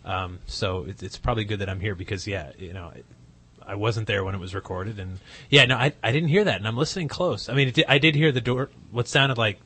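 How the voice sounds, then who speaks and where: A man's voice: on the low side, brisk, bright, forceful tone, husky. A man co-hosting a radio chat, thinking aloud and hedging with restarts. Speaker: guest co-host.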